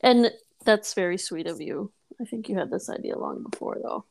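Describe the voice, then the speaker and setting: A woman's voice: mid-range voice, lively intonation, moderate pace, gravelly, darkish tone, slight background noise. A middle-aged woman from Wisconsin with a Wisconsin accent, joking around in casual podcast chat. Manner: joking, laughs a lot. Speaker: podcast co-host.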